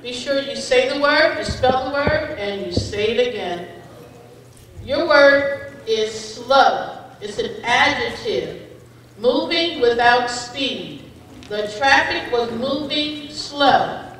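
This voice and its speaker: A woman reading spelling words, definitions and example sentences to children at a school spelling bee, speaking deliberately and kindly over a microphone. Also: fairly high pitch, animated, a bit bright, slight background noise. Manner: slow, deliberate word reading, kind to children. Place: school event hall. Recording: echoey hall from far off.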